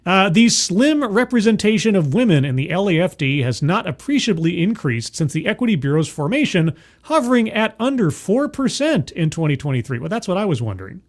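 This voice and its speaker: A man's voice: high-pitched, sing-song, a little fast. A man reading news articles aloud and breaking in with sarcastic, incredulous commentary, recorded indoors. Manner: sarcastic, incredulous asides between quoted passages. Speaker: commentary host. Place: indoors, with trucks passing outside.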